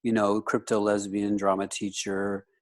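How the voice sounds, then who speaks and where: A man's voice: fairly low pitch, monotone, a little slow. A man in his fifties from the United States, a guest in a casual interview who rambles and leans on "you know" fillers.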